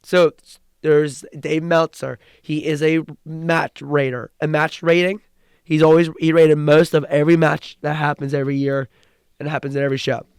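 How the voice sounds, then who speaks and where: An excited young man co-hosts a casual podcast, rambling eagerly through a recap and restarting his sentences. His voice sits a little high and sounds smooth and resonant. The recording is dry and close. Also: normal speed, dry recording. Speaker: podcast co-host. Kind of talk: casual chat.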